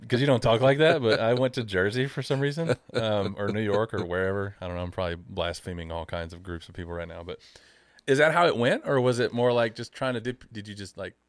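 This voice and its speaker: Brief: male interviewer, a touch low-pitched, casual and chatty, trips over his own sentences. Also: quick pace, no echo. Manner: chatty, rambling, self-interrupting. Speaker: podcast host.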